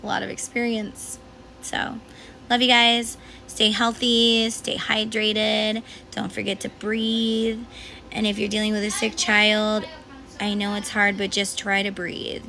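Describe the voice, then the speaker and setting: A woman's voice: medium pitch, monotone, measured pace, vocal fry, pushed and bright, low-quality recording. A woman in her thirties, a mother of five, talking casually to viewers in a rambling, chatty way with lots of fillers. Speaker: mom vlogger. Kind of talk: casual chat to camera. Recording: noticeable background noise.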